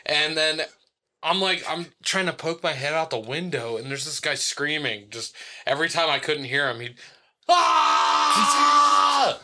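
A young man co-hosting a podcast, telling stories in a casual, animated way, swearing freely and laughing often. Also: fairly high pitch, moderate pace, background noise. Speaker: podcast co-host. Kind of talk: casual storytelling chat.

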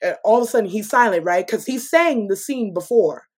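Animated laughing woman chatting. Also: fairly quick. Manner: animated, laughs often, quotes herself with swings in pitch. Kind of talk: casual movie review chat.

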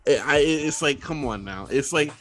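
Man, podcast co-host, rambling, restarts a lot, lively voice, faint music behind. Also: mid-range voice, a little fast. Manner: rambling, self-interrupting, laughs a lot. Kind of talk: casual chat.

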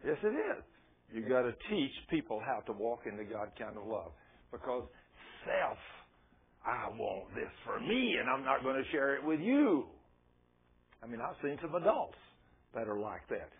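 Older pastor, folksy and husky. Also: male voice, medium pitch. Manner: folksy storytelling with rhetorical questions. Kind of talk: sermon. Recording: tinny lo-fi radio broadcast.

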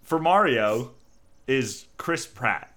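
A man co-hosting a casual group chat, talking in an animated, playful way. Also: medium pitch, very slow. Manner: animated, playful, leads the bits.

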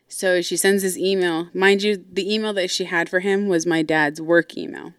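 Woman host, low smooth voice, dry close sound; blunt, profane, rambling storyteller. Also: fairly even intonation, normal speed, few pauses, a bit bright, no echo. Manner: blunt, profane, full of asides. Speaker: podcast host. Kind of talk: casual storytelling.

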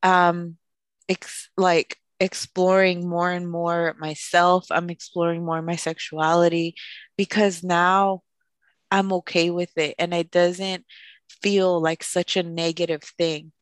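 A podcast co-host in her late twenties shares a personal story candidly in a lowish, slow voice, emotional and open yet flat in delivery, dropping phrases into her English. The recording is dry and close, with no echo or room sound.

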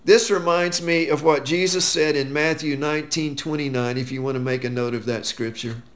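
A man teaching a verse-by-verse Bible study, quoting scripture with slow, emphatic stress. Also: a little high, steady tone.

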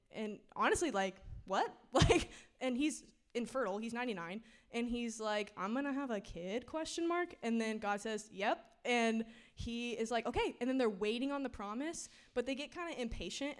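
A woman's voice: a little high, clear, resonant tone. A young woman giving a casual, slangy sermon, chatty and laughing often. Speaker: preacher.

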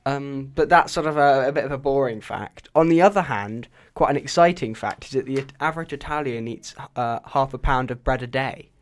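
A chatty male radio host in easy breakfast-show talk, laughing often between remarks. His pitch sits in an ordinary middle range. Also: a little fast, hardly any pauses. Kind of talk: casual radio chat.

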